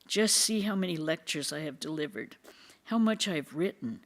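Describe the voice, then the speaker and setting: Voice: medium pitch, animated, normal speed, natural voice. Reader voicing a scolding, commanding elder monk.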